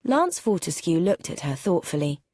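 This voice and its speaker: Clear, measured woman narrating a storybook. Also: fairly low pitch, big pitch swings, darkish tone, no echo, clean studio sound. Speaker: audiobook narrator. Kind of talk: scripted audiobook narration for learners.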